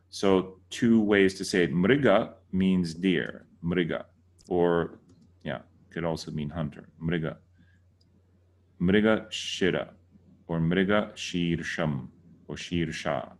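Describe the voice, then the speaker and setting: A man giving a casual lesson, patiently repeating words to correct how people say them. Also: low voice. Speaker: teacher.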